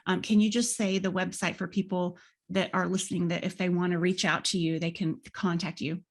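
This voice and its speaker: A woman's voice: on the low side, level tone, fairly quick. A woman hosting a faith podcast, chatting casually, rambling with fillers and restarts. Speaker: podcast host. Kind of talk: casual interview chat.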